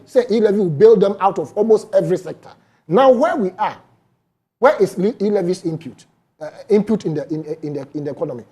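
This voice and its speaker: Husky emphatic Ghanaian man debating. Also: sits high. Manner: emphatic, animated, mixes Twi into English. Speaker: panelist. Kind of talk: heated political debate.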